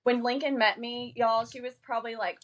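A young woman co-hosting a podcast, talking fast and energetically and laughing often. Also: fairly high pitch, steady tone, a bit bright. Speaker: podcast co-host. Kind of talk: casual chat.

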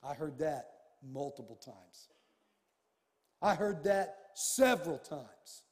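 A man preaching a sermon as a pastor, telling a personal story with animated swings from hushed tones to shouting. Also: fairly high pitch, takes it slowly, in a large hall.

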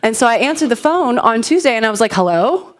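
A woman in her thirties giving a conversational sermon full of personal stories, animated and chatty, asking the congregation questions. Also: a little high, fast talker. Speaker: pastor.

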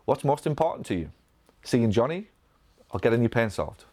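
A man from England with a Northern English accent, coaching physio business owners in a live Q&A, energetic, with many restarts and acted-out patient lines. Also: medium pitch, normal speed. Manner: energetic, repetitive restarts, acts out patient dialogue. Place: event room.

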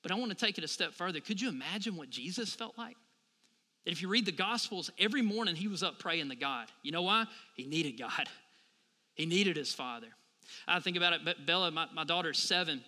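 Man, pastor, sermon, fairly high voice, checks in with listeners, long hall reverb. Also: lively intonation, a little fast, pushed and bright. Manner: conversational, asks the congregation for responses.

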